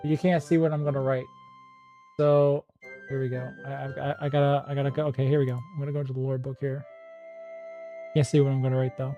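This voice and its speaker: A man's voice: medium pitch, flat delivery, fast, long pauses, muffled recording. A man streaming a text adventure, chatting casually with mumbled asides and laughing at himself. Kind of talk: casual livestream chat. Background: faint background music.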